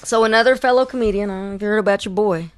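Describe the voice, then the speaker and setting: A woman's voice: mid-range voice, very fast. A woman co-hosting a talk show, recapping news stories in a chatty way with many fillers. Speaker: co-host.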